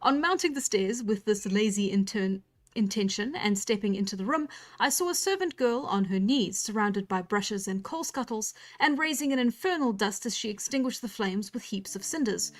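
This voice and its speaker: A woman's voice: medium pitch, lively intonation, normal speed. A young woman reading a novel aloud on a livestream, stopping now and then to comment on the text and laugh at herself. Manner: reads plainly, breaks off to comment and laugh at herself. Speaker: book reader on a livestream. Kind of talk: casual storytime read-aloud.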